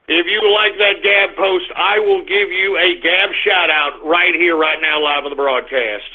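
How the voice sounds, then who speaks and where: Brief: male streamer-host, crude and belligerent, erupts into shouting tirades, high voice, phone-thin audio. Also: fairly even intonation, unhurried, phone-quality sound. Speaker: internet radio host. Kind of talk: live streamed radio rant.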